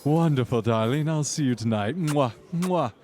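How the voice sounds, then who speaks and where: A man's voice: mid-range voice, moderate pace, a little mellow, pitched above the performer's own voice, lightly acted. A man voicing a flamboyant, pushy society woman with a sing-song, gushing way of talking. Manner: gushing, breezy, calls everyone darling.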